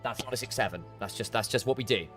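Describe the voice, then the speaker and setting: A man's voice: medium pitch, fast, music in the background. A man streaming a game, chatting in a rambling, self-interrupting way as he plays and reads. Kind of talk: let's play commentary.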